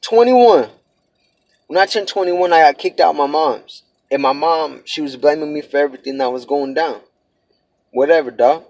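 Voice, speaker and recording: A man's voice: a little high, normal speed, a little mellow, no room sound. A man in his twenties giving a blunt, profane, heartfelt motivational vlog talk, casual street slang throughout. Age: 20s. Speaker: vlogger.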